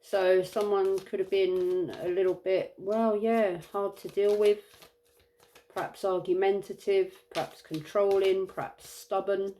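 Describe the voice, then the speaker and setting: A tired woman giving an intuitive tarot reading, musing and halting with many fillers. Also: medium pitch, fairly even intonation, dark tone, a little hiss or hum. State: tired, yawning. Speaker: tarot reader.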